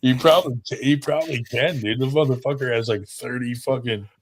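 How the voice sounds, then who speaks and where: A man's voice: mid-range voice, fairly quick, a little hiss or hum. A man hosting a podcast in loose, rambling casual chat, swearing freely. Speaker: podcast host.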